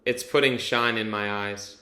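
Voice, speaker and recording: A man's voice: on the low side, fairly even intonation, measured pace, sharp tone. Chatty man in an echoey room. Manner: rambling, candid, swears casually, many fillers. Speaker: vlogger giving a testimonial. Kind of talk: casual personal vlog.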